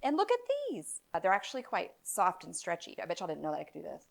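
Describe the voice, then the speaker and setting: A woman's voice: lowish voice, very animated, fast, gravelly. A woman in her thirties giving comedic, wry and self-deprecating commentary while trying on clothes. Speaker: comedy content creator. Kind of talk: comedic sponsored try-on commentary.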